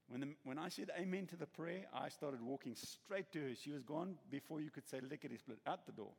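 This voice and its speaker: Husky, animated preacher in an echoey hall. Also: male voice, a little high, fairly quick. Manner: animated storytelling, acts out quoted voices. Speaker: pastor. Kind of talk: sermon. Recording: echoey hall with long reverb.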